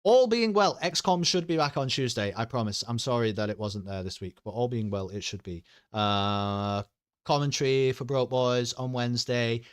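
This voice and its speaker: A man's voice: medium pitch, normal speed, smooth, no room sound, clean studio sound. A man chatting casually with his stream audience, rambling, joking and swearing freely.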